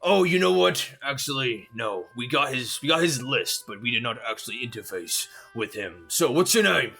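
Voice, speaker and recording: A man voicing a gruff male orc armorer clerk who talks in an offhand, businesslike way. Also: medium pitch, big pitch swings, normal speed, sharp tone, exaggerated voice. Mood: brusque.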